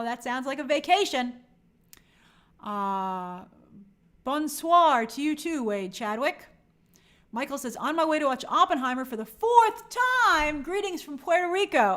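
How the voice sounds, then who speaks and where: She remains at home in New York hosting the stream, reading comments aloud and greeting viewers warmly with chatty apologies. Her voice sits high.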